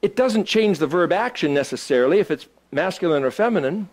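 A man's voice: sits high, animated, fairly quick, a little mellow. Man teaching, thinking aloud. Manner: thinks aloud, asks the group questions. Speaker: Hebrew study teacher. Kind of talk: informal teaching to a small group.

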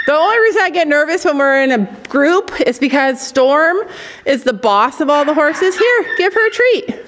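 A woman hosting a farm vlog, chatting playfully with children outdoors and laughing often. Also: sits high. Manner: lively, playful, laughs often, explains things simply. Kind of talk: casual chat with children. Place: outdoors on a farm among animals. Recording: outdoor farm recording with noise.

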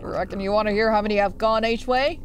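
A woman's voice: medium pitch, steady tone, fast talker, slight background noise, pitched below the performer's own voice, natural voice. A woman voicing a big, old, humbled male fish who talks in a folksy drawl. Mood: weary.

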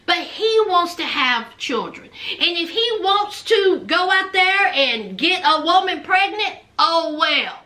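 High bright sassy woman vlogger. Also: very animated, slow pace, few pauses. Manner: chatty, sassy storytelling with quoted lines. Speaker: reality TV recap vlogger. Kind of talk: casual recap commentary.

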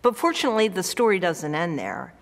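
A woman's voice: on the low side, sing-song, a little fast, long reverb tail. A woman pastor giving a sermon in an earnest, conversational way. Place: church.

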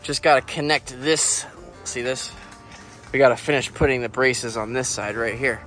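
A man's voice: mid-range voice, moderate pace, a bit bright, soft background music. A man chatting casually in an outdoor vlog while working around his animals, laid-back and swearing now and then. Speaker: vlogger and animal keeper.

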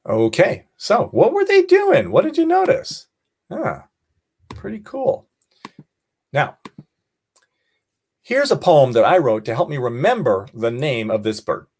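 A man's voice: on the high side, wildly swooping pitch, a little slow, pauses often, darkish tone, breathy edge. A middle-aged man teaching an online birding lesson as a naturalist, playful, thinking aloud and often dropping to a mutter while he observes. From California.

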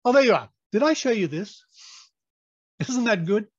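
A woman chats on a video call with a lively, swooping voice. She teases and laughs easily. Her tone stays playful. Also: on the high side, moderate pace, highs cut off. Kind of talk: casual video-call chat.

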